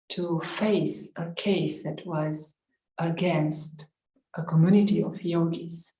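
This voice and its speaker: Slow, earnest woman giving a spiritual talk. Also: on the low side, a little mellow. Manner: earnest, measured, with uh and um fillers. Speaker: spiritual teacher. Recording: roomy echo.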